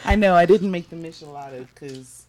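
A middle-aged woman co-hosting a podcast, talking loud and blunt with plenty of swearing. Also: fairly low pitch, brisk. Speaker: podcast co-host. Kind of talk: casual chat.

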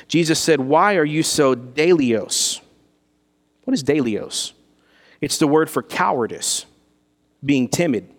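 Man preaching in a reverberant hall. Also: medium pitch. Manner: expository preaching, rhetorical questions to the congregation. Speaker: pastor. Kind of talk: sermon.

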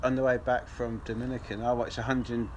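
A man's voice: mid-range voice, fairly quick, a little hiss or hum. A man co-hosting a podcast in casual, jokey chat. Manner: animated, jokey, puts on posh voices. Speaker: podcast co-host.

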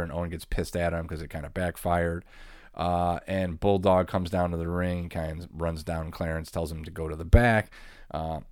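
A man's voice: sits low, darkish tone, dry recording, studio quality. A man co-hosting a casual talk show, recapping events in a rambling way with frequent laughs and casual swearing. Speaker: podcast co-host.

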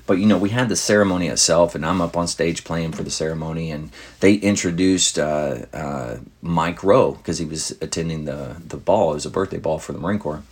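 A little fast and hardly pausing, a podcast host with a deep, low-set voice and a husky, slightly rough quality works through a lengthy anecdote. The telling is loose and meandering, stitched together with frequent fillers and restarts, like casual banter with listeners.

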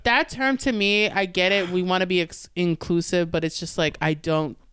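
A woman's voice: fairly low pitch, moderate pace, smooth, dry recording, studio quality. A woman comedian telling stories on a podcast, swearing freely and acting out what audiences said. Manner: animated storyteller, swears freely, acts out crowd quotes. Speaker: comedian guest. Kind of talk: casual podcast chat.

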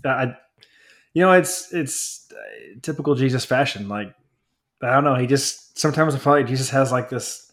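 Podcast co-host, man, mid pitch, earnest and halting, casual Bible chat. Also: big pitch swings, a bit bright. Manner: halting, repeats words, earnest.

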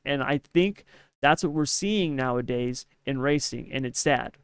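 A man's voice: medium pitch, unhurried, smooth, dry recording, studio quality. A man co-hosting a podcast in casual opinion chat, emphatic and ranting, often tagging his points with "right?". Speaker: podcast co-host.

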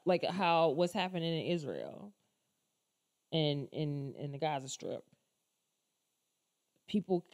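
A woman talking casually into her camera in a rambling, exasperated opinion rant, swearing often and calling her viewers y'all. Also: fairly low pitch. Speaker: commentator.

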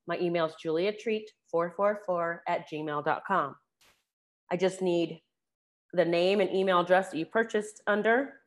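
A woman hosting her own podcast, slightly hoarse from a sore throat, chatting through announcements in a relaxed way with fillers. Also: lowish voice. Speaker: podcast host.

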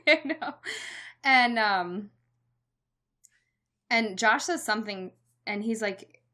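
A woman's voice: fairly high pitch, drawn-out words. A young woman in casual chat, telling a story with lots of "like", laughing and acting out quoted lines. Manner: animated storyteller, acts out quotes, frequent "like" and laughs. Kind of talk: casual chat recapping a movie.

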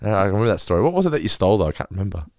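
A man's voice: low-pitched, sing-song, rapid-fire, darkish tone, no room sound, studio quality. An Australian man hosting a casual podcast chat, rambling and acting out quotes. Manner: rambling, acts out quotes, swears freely. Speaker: podcast host. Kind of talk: casual chat recapping a sitcom episode.

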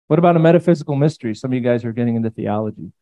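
A man's voice: medium pitch, animated, rapid-fire, mellow, rough recording. A man preaching a sermon in a provocative, conversational way with mocking asides. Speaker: pastor.

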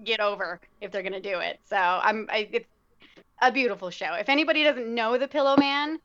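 A woman with a fairly high voice talks casually as a guest, reflective and a little halting, full of ums as she finds her words. The recording is muffled and lo-fi. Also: fairly bright tone. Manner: reflective, searching for words with many fillers. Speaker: guest, theater director and actor. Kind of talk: casual conversation. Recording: dull lo-fi sound.

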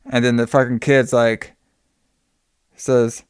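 Loose, profane male host recapping a movie, smooth voice, dry close sound. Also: mid-range voice, moderate pace, fairly bright tone, no echo. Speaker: podcast host.

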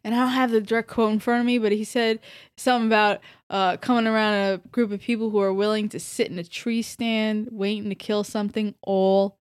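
A woman's voice: medium pitch, flat delivery, a little fast, clear, resonant tone. A woman co-hosting a casual podcast chat, teasing, laughing often and swearing. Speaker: podcast co-host.

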